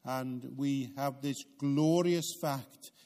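A man's voice: medium pitch, slow pace, mellow. A man preaching a sermon in a church, earnest and emphatic. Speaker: pastor.

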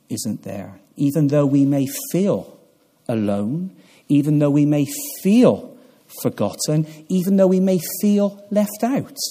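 A man preaching a sermon, earnest, sinking to a hush and then swelling with emphasis. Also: mid-range voice. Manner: earnest, dramatic swells and hushed drops. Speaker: pastor.

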